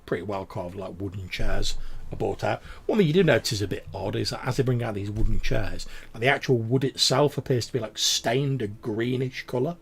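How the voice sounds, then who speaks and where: Gravelly husky man narrating a game. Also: on the low side, fairly quick. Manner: rambling descriptive, many fillers. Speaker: game master.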